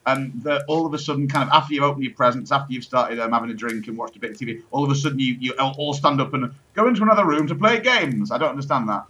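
A man's voice: medium pitch, very fast, hardly any pauses, sharp tone, husky, rough recording. A young man chatting casually, rambling with many ums, restarts and swearing. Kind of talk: casual chat.

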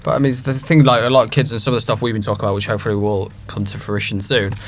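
A man co-hosting a podcast in casual chat, teasing and eager, talking in quick bursts. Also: fairly low pitch, level tone, slight background noise. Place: podcast studio.

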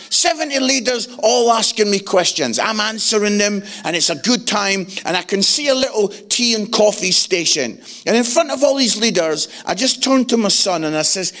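A middle-aged man preaching a sermon, animated and jokey, acting out voices in his stories. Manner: animated, jokey, acts out voices with big pitch swings. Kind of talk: sermon with comic storytelling.

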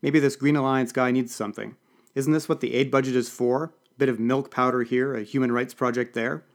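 A man voicing a brash, crude oil lobbyist who talks loudly and bluntly. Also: medium pitch, fairly even intonation, a little fast, close to an everyday voice. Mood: scheming. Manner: loud, smirking, blunt.

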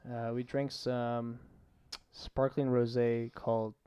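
A young man in his twenties, a chef, chatting casually on a podcast, talkative and animated. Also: mid-range voice, takes it slowly, clear, resonant tone, no room sound. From Mexico. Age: 20s. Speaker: chef guest.

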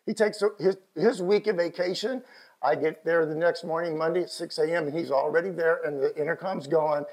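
A middle-aged man with a Texan accent preaching a sermon as pastor, swinging from quiet asides to impassioned shouted lines. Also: a little high, steady tone, fairly quick, poor audio. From Texas.

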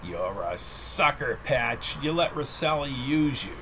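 A man voicing a smirking, menacing government operative with a low, sneering, cold delivery. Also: animated, slow, background noise.

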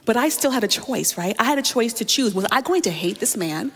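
A woman's voice: fairly high pitch, expressive, a little fast, breathy edge, in a large hall. A woman pastor preaching a sermon, telling a personal story and often speaking straight to her listeners.

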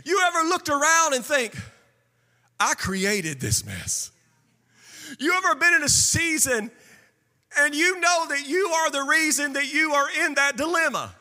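High-voiced man preaching with fervor. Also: normal speed, long reverb tail. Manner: impassioned preaching with sing-song cadence and shouted peaks. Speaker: pastor. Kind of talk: sermon.

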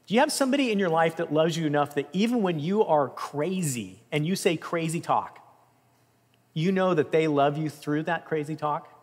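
A man preaching a sermon in an earnest, emphatic way, rising in intensity and dropping softly. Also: fairly high pitch, animated, normal speed. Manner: earnest, emphatic, with swells of intensity and soft drops. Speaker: pastor. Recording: long reverb of a large room.

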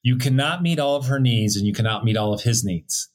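A man's voice: mid-range voice, a little fast. A middle-aged man co-hosting a casual talk on marriage, earnest and preachy with a joking streak. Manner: earnest, preachy, jokey, laughs often. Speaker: co-host teaching on marriage. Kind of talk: casual teaching chat.

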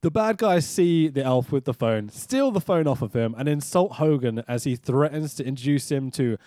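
A man's voice: mid-range voice, expressive, moderate pace, mellow, no echo. Guy recapping a dumb movie, sarcastic, swears a lot, voice jumps all over, dry close sound. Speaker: podcast co-host. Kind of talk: casual movie recap chat.

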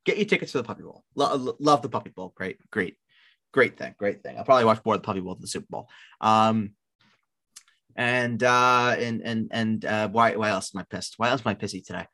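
A man co-hosting a sports podcast, talking in a sarcastic, rambling way and swearing freely. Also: a little fast. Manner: sarcastic, rambling, swears, lively jumps in pitch. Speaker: podcast co-host. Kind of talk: casual sports podcast chat.

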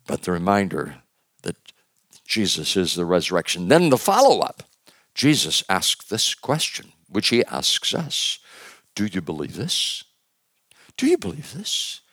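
A male pastor preaching a conversational sermon with joking asides, swinging from loud emphasis to hushed words. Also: sits low, dry recording.

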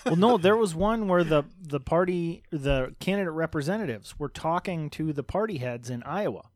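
A man's voice: a little high, animated, moderate pace, no room sound, studio quality. A man co-hosting a casual political talk show, speculating in a wry, conversational way. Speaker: podcast co-host.

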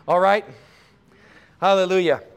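A man with a notably high voice preaches a charismatic sermon in a church. He is fervent, and his talk builds to loud, drawn-out declarations. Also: vocal fry, clean tone. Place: church sanctuary.

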